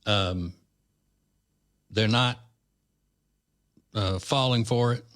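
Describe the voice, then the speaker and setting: A man's voice: on the low side, very slow, a bit bright. A man from Louisiana hosting a podcast, giving blunt, combative political commentary with rambling asides. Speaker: podcast host.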